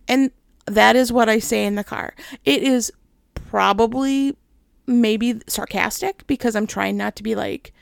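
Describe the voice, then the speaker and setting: Female host, middle-aged, gravelly fry, dry close sound, chatty faith talk with easy laughs. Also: on the high side, steady tone, measured pace, no echo. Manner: chatty, gentle, with frequent laughs.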